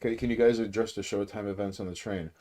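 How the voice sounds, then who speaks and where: A man co-hosting a casual podcast, excitable and swearing freely, often restarting his sentences. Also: lowish voice, quick pace. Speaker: podcast co-host. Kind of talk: casual chat.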